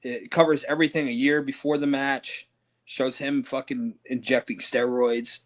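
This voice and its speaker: A professional wrestler, appearing as a guest in a casual interview, tells loose, profane stories and acts out other people's lines. His voice is mid-range with little pitch movement, delivered at a moderate pace.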